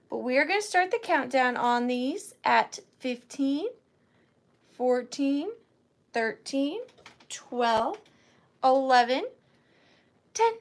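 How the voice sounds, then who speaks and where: A woman hosting a live online antiques sale from her home office, chatting with viewers by name and counting down bids. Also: a little high. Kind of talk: live-stream auction chat.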